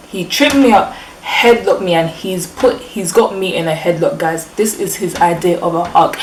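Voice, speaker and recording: A young woman with a London accent telling a storytime vlog in a casual, slangy, animated way. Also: fairly low pitch, slight background noise. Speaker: vlogger. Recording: echoey room, mic at a distance.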